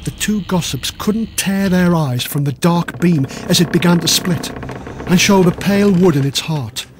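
Guy reading a spooky kids history story, really dramatic, high voice, little music behind. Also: normal speed. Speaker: narrator. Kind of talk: scripted narration of a children's history story.

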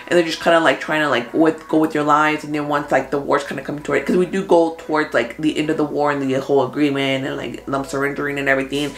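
Speaking quickly with few pauses, a young movie review vlogger with a deep, steady voice recaps the films she's seen. Her manner is chatty and full of fillers, and she addresses her viewers directly.

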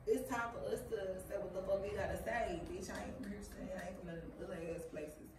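A woman's voice: mid-range voice, fast. A woman rapper from East Texas with an East Texas accent, talking in a casual interview, emphatic and profane, repeating words for stress. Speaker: rapper guest. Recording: echoey room, far from mic, noisy.

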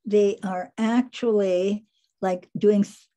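An older woman casually telling stories over a slide show, animated, often laughing and trailing off mid-sentence. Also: medium pitch, slow pace, muffled recording. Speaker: animal trainer presenting photos.

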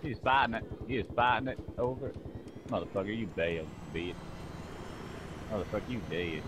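A man's voice: on the low side, a little fast, noisy background. A man in a put-on Southern US redneck accent, taunting enemies with heavy profanity during a game. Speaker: gamer. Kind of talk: casual gameplay banter.

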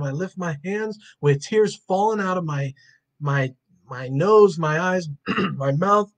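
Earnest man leading a Bible study. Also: fairly high pitch. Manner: earnest, emotional, slows on key words. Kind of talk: heartfelt Bible study teaching and prayer.

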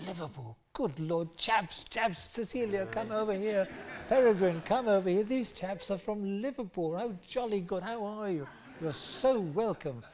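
A man's voice: sits high, animated, moderate pace, hardly any pauses, a little mellow, pitched above the performer's own voice. An older man impersonating an effusive, plummy upper-class London partygoer during a comic anecdote. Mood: gushing. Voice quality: plummy, gushing.

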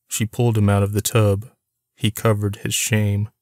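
A man narrating a novel chapter in a plain, even storytelling manner. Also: fairly low pitch, moderate pace, no room sound, studio quality. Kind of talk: audiobook reading of a novel.

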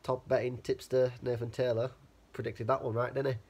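With a mid-range, darkish voice that is flat, brisk and edged with breathiness, a young adult student vlogs through a cold. He rambles casually and curses freely while holding the camera in his bedroom in a student house.

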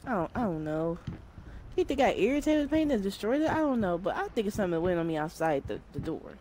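A woman's voice: mid-range voice, sing-song, fast, dark tone, slight background noise. A young woman streaming a horror game, chatty and jumpy, talking to the game and to her viewers. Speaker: gamer streamer. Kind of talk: let's-play commentary.

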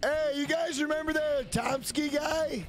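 A man in his thirties livestreaming in casual chat, brash and profane, shouting out greetings to viewers. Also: very high voice, steady tone, a little slow, soft background music. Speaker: gaming livestreamer.

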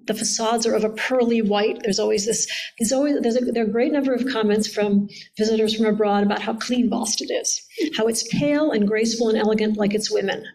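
A woman's voice: on the high side, vocal fry, darkish tone, low-quality recording. A middle-aged woman author answering questions in an interview at a public event, thoughtful and digressive with frequent fillers and restarts. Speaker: author interviewed about her biography.

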